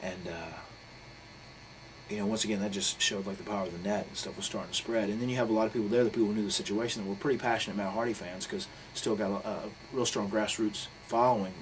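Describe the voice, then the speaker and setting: A man's voice: lowish voice, fairly even intonation, fast talker, slight background noise, rough recording. A man, talking bluntly and profanely as he tells a heated personal story in a candid interview. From North Carolina. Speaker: interviewee, professional wrestler.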